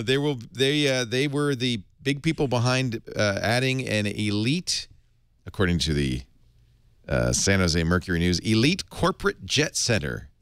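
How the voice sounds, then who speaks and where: In clean, echo-free, studio-quality audio, a middle-aged podcast host with a voice on the low side goes over tech news. His delivery is casual, wry and animated, with occasional comic voices.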